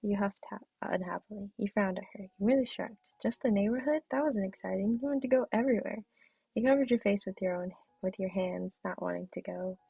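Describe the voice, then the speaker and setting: A woman streamer reading a visual novel's narration aloud in a steady voice, now and then correcting herself. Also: mid-range voice, fairly quick, creaky, slightly rough, no room sound. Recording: tinny phone-like mic, dry.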